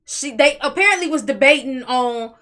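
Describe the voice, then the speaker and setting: A woman co-hosting a podcast in casual chat, loud and animated. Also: sits high. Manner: loud, animated, talks fast in bursts. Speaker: podcast co-host.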